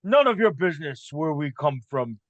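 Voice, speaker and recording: A man voicing a gruff, mocking two-headed giant who taunts and threatens in a tabletop game. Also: on the high side, very animated, normal speed, no echo. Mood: menacing. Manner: taunting, menacing.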